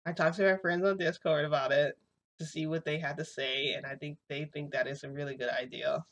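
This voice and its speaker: A woman's voice: sits low, fairly even intonation, brisk. A young woman casually telling a story to her viewers, acting out what others said in chatty dialogue. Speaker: vlogger telling a reality-shifting story.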